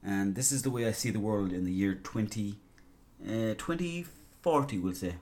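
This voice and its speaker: A man's voice: on the low side, lively intonation, moderate pace, a little mellow. An Irish man hosting a podcast, talking in a casual, rambling, sweary and jokey monologue. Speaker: podcast host.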